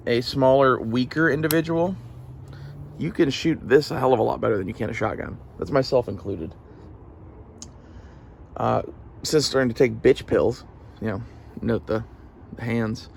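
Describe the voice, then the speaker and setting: A man with a gravelly, middle-low voice talks off the cuff for his vlog audience, loose and profane. His speech wanders, full of fillers and restarts. There is faint ambient hum in the background. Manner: casual, profane, rambling with fillers. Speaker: gun channel vlogger. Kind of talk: casual rambling gear talk.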